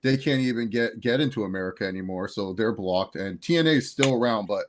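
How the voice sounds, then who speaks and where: A man's voice: lowish voice, fast talker. A man co-hosting a casual wrestling review, rambling and laughing as he acts out quotes. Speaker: co-host.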